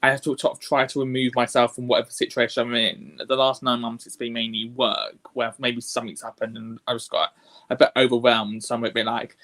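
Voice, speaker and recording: A man's voice: mid-range voice, level tone, a little fast, fairly bright tone. Man speaking frankly and hesitantly. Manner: hesitant, frank, with many fillers. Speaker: podcast co-host. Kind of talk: casual chat.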